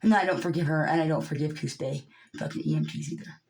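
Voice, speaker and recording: A woman venting on her own channel in a profane rant, swinging between low muttering and yelling, openly upset. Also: fast talker, poor audio. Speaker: vlogger. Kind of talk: angry venting monologue.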